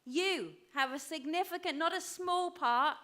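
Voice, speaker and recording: A woman in her fifties preaching a sermon, emphatic and repeating phrases for weight, dropping to a hush for personal stories. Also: very high voice, measured pace. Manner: drops to a hushed voice for personal stories. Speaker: pastor.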